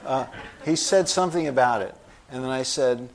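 A middle-aged man, a novelist being interviewed, tells a story with lots of energy. He acts out the lines of the people in it, and his pitch sits in a middle range. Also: normal speed, a little hiss or hum. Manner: animated anecdotal storytelling, acts out quoted voices. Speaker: novelist guest. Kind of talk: storytelling in conversation.

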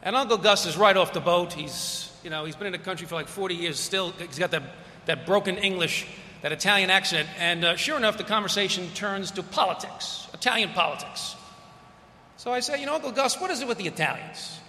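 A man giving a public lecture as guest speaker, telling stories with quick asides. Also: sits high, pushed and bright, big-room sound, a little hiss or hum.

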